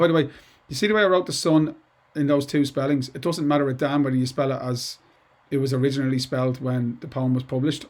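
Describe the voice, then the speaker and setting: A man's voice: medium pitch, a little mellow. A middle-aged man teaching poetry to students in a chatty, digressive way, full of asides and restarts. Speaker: English teacher. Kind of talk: informal lesson to students.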